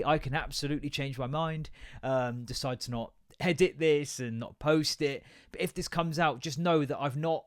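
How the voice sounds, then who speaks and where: A man's voice: a little high, no room sound, clean studio sound. A tired man, rambling through a self-mocking solo podcast. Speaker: podcast host. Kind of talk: casual solo podcast chat.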